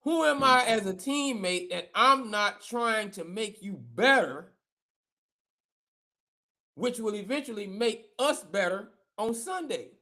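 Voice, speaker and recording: A man riffs on football on a live show, emphatic and animated, dropping slang and repeating lines for punch. His delivery stays brash and casual. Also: high-pitched, slow pace. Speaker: show co-host, former football player.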